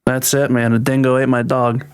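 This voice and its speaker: A man's voice: medium pitch, flat delivery, normal speed, a little hiss or hum. A man co-hosting a podcast, chatting casually, joking and swearing easily. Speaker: podcast co-host. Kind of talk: casual chat.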